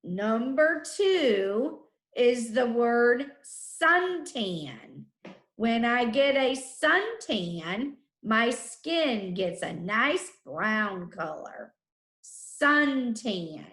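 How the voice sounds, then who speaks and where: Slow-paced woman teaching a phonics lesson to children, sounding out each letter, slightly high voice, recorded in an echoey room. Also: sing-song, fairly bright tone.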